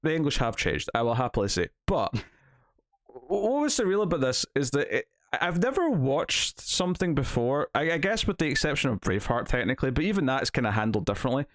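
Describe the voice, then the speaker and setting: A man's voice: mid-range voice, fairly quick, no room sound, clean studio sound. A Scottish man co-hosting a casual TV review chat, talking animatedly. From Scotland. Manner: animated, acts out quotes in put-on voices. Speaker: TV review co-host.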